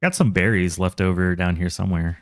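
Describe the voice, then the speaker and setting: Streaming a game, a man with a Texan accent chats casually with himself and his viewers, laughing frequently. He speaks briskly in a low, steady voice, recorded dry.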